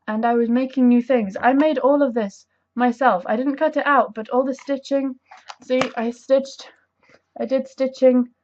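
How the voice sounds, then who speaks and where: A woman's voice: sits high, darkish tone. A young woman chatting to camera in a casual vlog, bubbly and enthusiastic, rambling with self-deprecating asides. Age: young adult. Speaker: vlogger. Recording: dull lo-fi camera audio.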